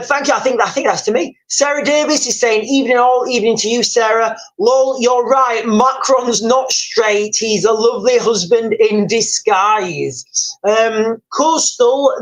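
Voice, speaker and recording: A man's voice: high-pitched, low-quality recording. A British man hosting a live stream, talking through world events at length, often restarting sentences, calling his viewers "guys" and reading out their comments. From United Kingdom. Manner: rambling, repeats and restarts words, addresses viewers as guys.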